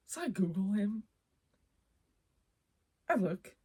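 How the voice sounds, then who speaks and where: Young woman rambling on her vlog, slow and mellow, gets loud for jokes. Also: medium pitch, very animated, husky. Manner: playful, rambling, bursts of loud exclamation. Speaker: vlogger. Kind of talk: casual chatty vlog.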